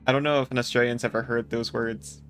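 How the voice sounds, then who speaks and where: A man streaming a video game, talking in a loose, joking way with his viewers. His voice sits at an ordinary middle pitch, and soft game music plays in the background. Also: flat delivery, fast. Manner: joking, chatting with viewers between game lines. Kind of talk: casual gameplay commentary.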